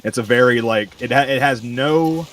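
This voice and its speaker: A man's voice: medium pitch, normal speed, fairly bright tone, recorded from a distance, soft background music. A man chatting casually while gaming, rambling with lots of restarts. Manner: rambling, restarts, laughs along. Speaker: gaming streamer.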